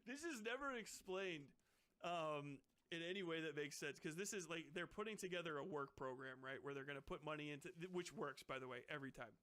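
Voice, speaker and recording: A male streamer reads a book aloud in a voice pitched a little above the usual, breaking off into rambling, swearing rants. His talk is loose and casual, with restarts and laughing asides. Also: lively intonation, fairly quick, pushed and bright. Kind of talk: casual profane commentary on a book.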